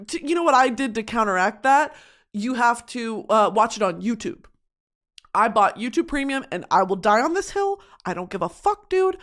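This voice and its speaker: Her voice sits a little high and moves at a normal speed as she hosts a podcast from home. The young woman keeps things casual and expressive, swearing frequently and mocking her own words in exaggerated voices.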